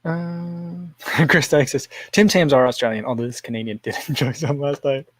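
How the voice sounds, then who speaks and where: A man's voice: on the high side, fairly even intonation, normal speed, no room sound. A man hosting a casual livestream, rambling, chuckling often and reading viewer comments aloud. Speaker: livestream host.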